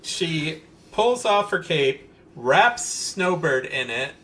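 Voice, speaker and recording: A man's voice: a little high, big pitch swings, takes it slowly, pushed and bright. A man co-hosting a podcast, walking through comic-book details analytically with frequent ums and uhs. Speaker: podcast co-host. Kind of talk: casual comic-book discussion.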